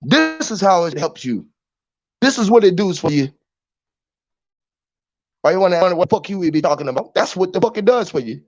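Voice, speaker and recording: A man's voice: sits high, sing-song, fairly quick, long pauses, dry recording. A man hosting a show, delivering a rambling monologue full of profane wordplay, spelling words out letter by letter. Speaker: podcast host. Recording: dull lo-fi, dry.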